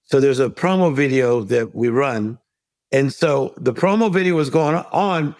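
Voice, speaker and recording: A man's voice: medium pitch, lively intonation, measured pace, a little mellow, no echo. A middle-aged man, a life coach guest, telling a story in an interview and acting out the voices of the people in it. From United States.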